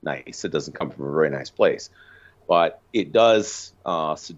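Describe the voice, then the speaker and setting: A man's voice: a bass voice, expressive, unhurried, dull audio. A man calling in to a show, musing in a thoughtful, hesitant way over a choppy line. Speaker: caller. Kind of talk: casual call-in chat.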